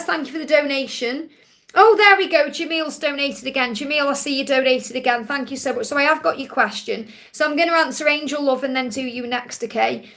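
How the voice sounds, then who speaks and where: A woman with a Stoke-on-Trent accent, hosting a live question-and-answer stream, reading cards in a gentle, reassuring way and repeating key phrases. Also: high-pitched. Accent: Stoke-on-Trent English. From England. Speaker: card reader answering viewer questions.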